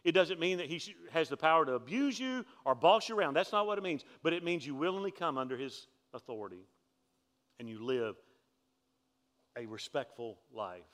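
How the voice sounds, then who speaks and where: A male pastor preaching a sermon, telling stories in a conversational way with joking asides and climbing to louder, higher peaks for emphasis. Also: a little fast. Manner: animated storytelling, climbs in pitch and force for emphasis; conversational, humorous asides to the congregation.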